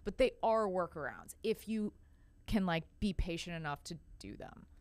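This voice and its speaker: A woman speaking as a podcast guest, talking in a rambling, animated way with many fillers. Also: lowish voice, normal speed, no echo. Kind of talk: casual conversation.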